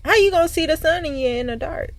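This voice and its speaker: A woman giving a casual spiritual card reading, animated, slangy and profane. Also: high-pitched, fast talker, slight background noise. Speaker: tarot card reader.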